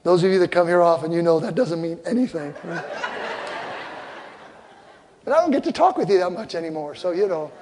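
An older man preaching a sermon as a pastor, telling stories with loud punchlines and soft asides. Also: high voice, animated, fairly quick, pauses often, a little hiss or hum. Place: church sanctuary. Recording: long hall reverb, faint crowd ambience.

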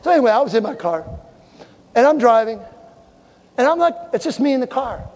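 Preacher guy with a super high voice, jokey stories then hollering, big echoey church, crowd faint behind. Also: a little fast. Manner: animated, humorous storytelling with shouted exhortations. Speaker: pastor. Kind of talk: sermon. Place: church sanctuary.

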